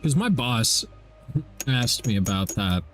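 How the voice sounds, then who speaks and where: A young man chatting loudly and excitably on a game stream, swearing freely and ranting. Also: medium pitch, slow pace, soft background music. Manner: loud, excitable, profane ranting. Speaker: gaming streamer. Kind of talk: casual stream chat.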